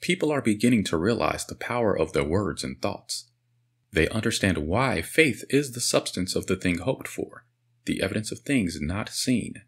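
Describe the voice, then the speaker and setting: A man narrating a spiritual self-help audiobook in an earnest, measured way. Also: fairly low pitch, animated, vocal fry, slightly rough. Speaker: audiobook reader.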